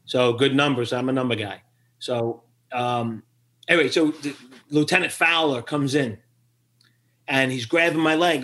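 Animated male guest telling stories. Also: a little high, normal speed. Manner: animated storyteller who acts out quotes and laughs often. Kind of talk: storytelling interview.

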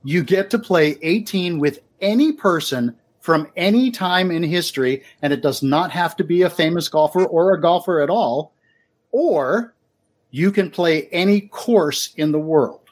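A man's voice: on the high side, animated, unhurried. A man hosting a podcast interview, reading set questions and teasing his guest dryly. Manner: reads set questions, dry teasing jokes. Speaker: podcast host. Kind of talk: casual interview.

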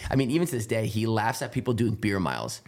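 A man with a somewhat low voice tells stories as an interview guest. He rambles in a loose, casual way, piling on fillers and dropping the odd swear word. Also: sing-song, quick pace, darkish tone. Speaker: guest, Olympic runner.

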